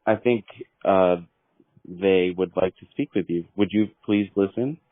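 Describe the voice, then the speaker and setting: A man making a prank phone call, talking slowly in a mystical, deadpan way that breaks into angry swearing. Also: sits low, dry recording. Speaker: prank caller. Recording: tinny phone line.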